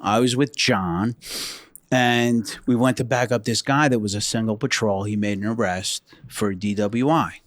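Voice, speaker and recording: A fairly low-voiced man, a former state trooper, tells war stories on a podcast, blunt and profane. He acts out the lines other people said. His voice sits close to a dry studio mic with almost no room sound. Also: steady tone, normal speed, no room sound. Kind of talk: casual podcast storytelling.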